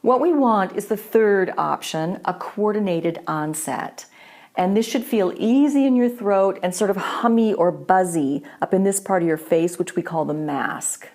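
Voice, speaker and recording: A woman teaching a voice lesson, explaining clearly and patiently. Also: mid-range voice, darkish tone. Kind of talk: instructional voice lesson.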